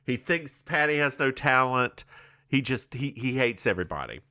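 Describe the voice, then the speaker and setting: A man's voice: mid-range voice, big pitch swings, moderate pace, bright, forceful tone. A male podcast co-host in campy, giggly casual chat, recapping a TV episode scene by scene. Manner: campy, giggly, recounts scenes with quoted bits.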